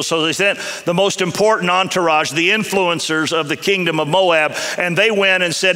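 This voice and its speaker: A man's voice: on the high side, steady tone, brisk, hardly any pauses, sharp tone. A middle-aged man preaching a sermon in a university chapel, telling a story animatedly and acting out voices. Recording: long reverb of a chapel hall.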